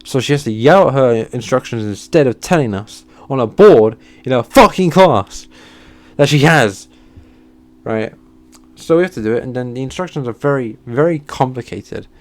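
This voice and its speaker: A man telling a heated storytime rant, swearing often and flaring into shouted outbursts before sighing and calming down. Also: medium pitch, moderate pace. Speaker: channel host. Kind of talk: ranting storytime monologue.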